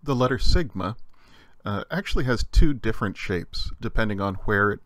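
A man with a low voice teaches a lesson slowly and patiently, often pausing on "uh" as he explains. The sound is dry and close, with no room around it. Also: lively intonation, a bit bright, no echo. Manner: patient explaining with many uh fillers. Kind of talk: recorded language lesson.

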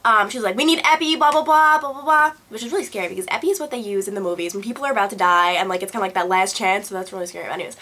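A young woman vlogger telling a personal story to camera in a casual, animated way, acting out quotes and filling with "blah, blah". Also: mid-range voice, very fast, few pauses, slightly rough. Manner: animated retelling, acts out quotes, fillers like "blah blah". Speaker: beauty vlogger.

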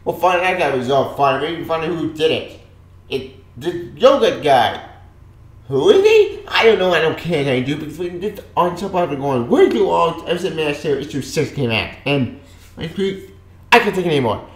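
A man reviewing a comic book in a frustrated, exasperated rant, breaking into sudden loud outbursts. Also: on the high side, expressive, fairly quick. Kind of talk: ranting video review. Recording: echoey room.

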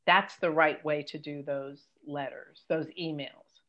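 A woman's voice: fairly even intonation, lo-fi sound. An older woman, a career coach, giving emphatic, practical advice as a guest in an interview. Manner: brisk, emphatic, mimics pitch emails.

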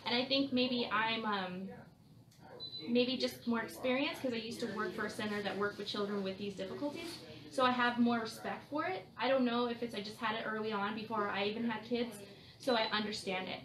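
Earnest woman co-host, high-ish voice, recorded off mic in an echoey room with a crowd behind. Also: fairly quick, recorded from a distance. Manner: earnest, emphatic, talks about motherhood frankly. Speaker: podcast co-host. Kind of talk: casual podcast chat.

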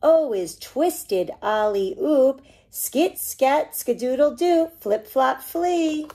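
A woman, a children's librarian, reading a picture book aloud to preschoolers with animated, singsong storytelling. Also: high-pitched, slow. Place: library program recorded for online viewing.

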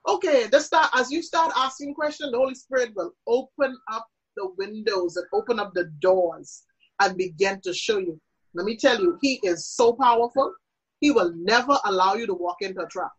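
Husky higher-voiced woman preaching hard about prayer, emphatic. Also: fairly quick, fairly bright tone, lo-fi sound. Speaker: prayer minister. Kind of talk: teaching in an interview.

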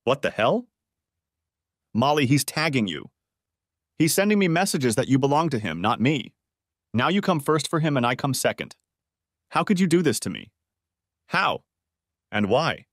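Man voicing a betrayed husband, bitter, sarcastic, lively pitch, dry sound. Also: normal speed, long pauses, no room sound. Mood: angry.

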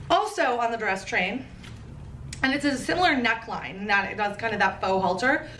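A fashion vlogger gushes playfully through a casual try-on haul, cracking jokey asides. Her voice is fairly high and a bit bright. There's slight background noise and roomy echo, and she sits a bit far from the mic.

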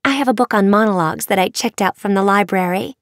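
A woman voicing an excitable, gushing good fairy girl in a storybook. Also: mid-range voice, dry recording, studio quality, natural voice. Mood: excited. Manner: gushing, quick.

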